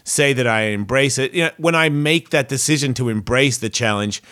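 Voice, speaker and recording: A man's voice: mid-range voice, fairly quick, a bit bright. Male podcast host, casual monologue: rambling, foul-mouthed, introspective, frequent false starts. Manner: rambling, profane, self-reflective, restarts often.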